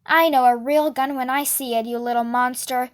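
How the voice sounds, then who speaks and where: A woman's voice: high voice, fairly even intonation, normal speed, lightly acted. A woman reading aloud and voicing a menacing grown man who sneers at two kids. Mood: sneering. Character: brutal adult male villain, menacing and sneering.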